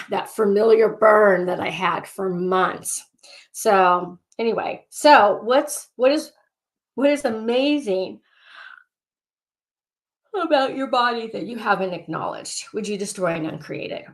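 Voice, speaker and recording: An excitable woman coaching a group in a loose, casual way. She circles back and repeats her phrases and clearing statements, stopping herself mid-thought to start again. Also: mid-range voice. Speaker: life coach. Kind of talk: coaching session, casual and repetitive.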